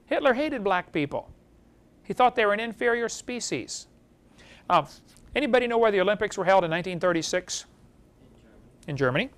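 Animated high-voiced male lecturer. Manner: animated, rhetorical questions to the audience. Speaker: creation seminar speaker. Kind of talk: lecture to a live audience.

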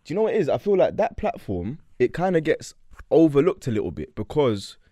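A young man hosting a casual podcast, relaxed and slangy. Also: a little high, a little fast, no room sound, clean studio sound. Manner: laid-back, slangy, lots of backchannel agreement. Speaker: podcast host. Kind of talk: casual chat.

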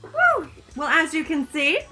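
High-pitched theater teacher lady, goofy and dramatic, slow unhurried delivery. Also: sing-song, bright, forceful tone, soft background music. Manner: theatrical, jokey, self-interrupting. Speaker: theater teacher presenting awards. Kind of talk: playful recorded award presentation.

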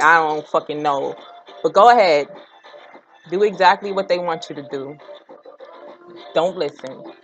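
A young woman speaks in a fairly low voice. She rants bluntly with plenty of profanity and keeps pushing her points harder. Faint music plays behind her. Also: fairly bright tone, dull audio. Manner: blunt, profane, rising to heated outbursts. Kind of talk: impassioned direct-to-camera rant.

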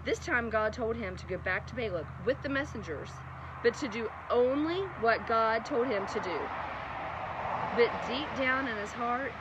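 A woman telling a bedtime Bible story in a chatty way, with lots of laughing asides, over outdoor traffic noise. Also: a little high. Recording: noisy outdoor background with traffic.

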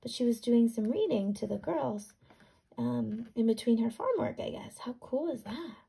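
A woman teacher reading a picture book aloud to young students, animated, asking questions and sounding words out. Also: on the high side, normal speed, vocal fry, husky.

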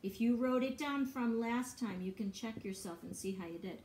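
A woman's voice: a little high, moderate pace, darkish tone, slight background noise. A woman teaching a music lesson to young children online, encouraging and patient, often chanting and singing syllables.

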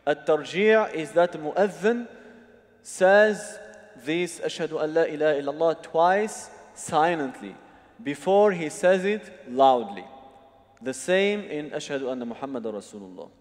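Fairly high-pitched and animated, this man speaks at an unhurried pace while leading a religious seminar. He walks through the material step by step and often checks that his audience is keeping up. The recording carries a long hall reverb.

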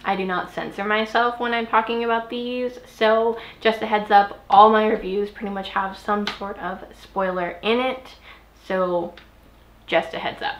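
A woman's voice: mid-range voice, fairly bright tone. A young woman chatting casually in a book review vlog, rambling with fillers and hiccuping now and then. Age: young adult. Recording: echoey room.

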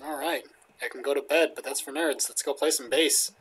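A man's voice: medium pitch, steady tone, fairly quick, fairly bright tone, breathy edge. A young man casually commentating as he plays a video game, joking and reading the lines aloud. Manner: jokey, reads in-game lines aloud, chuckles often. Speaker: gaming video host. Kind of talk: casual let's play commentary. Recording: faint game music underneath. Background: faint game music.

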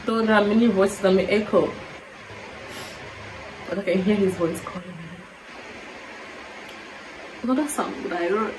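A woman earnestly reacting to a worship song on her vlog, growing fervent and then quiet and reflective. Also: medium pitch, normal speed, long pauses, noisy background. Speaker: music reaction vlogger. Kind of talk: emotional worship music reaction.

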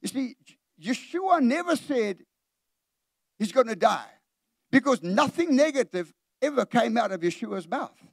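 A man's voice: extremely high pitch, big pitch swings, a little slow, creaky, long pauses, no room sound, studio quality. A middle-aged man preaching a sermon in a church. He preaches with animation, puts questions straight to the congregation and acts out the voices he quotes. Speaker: pastor.

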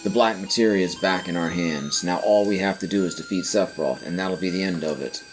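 A man's voice: low voice, fairly quick, few pauses. A man hosting a game playthrough, reading the dialogue aloud with dry asides. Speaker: let's play host. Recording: faint game music behind.

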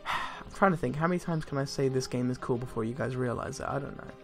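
Excitable young man gaming, swearing freely. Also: mid-range voice, brisk, gravelly. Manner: excitable, swears a lot, laughs often. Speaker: let's play gamer. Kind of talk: casual gameplay commentary. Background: faint game music.

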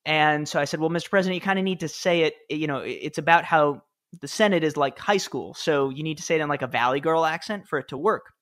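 A man's voice: on the high side, quick pace, fairly bright tone. Chatty man telling stories in an interview. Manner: chatty, with fillers and laughs. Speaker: podcast guest, former speechwriter. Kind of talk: casual interview storytelling.

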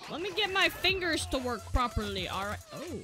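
A young woman doing gameplay commentary, excitable and joking, swinging from yelling to muttering, with faint game music behind. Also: sits high, moderate pace. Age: young adult. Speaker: gaming streamer.

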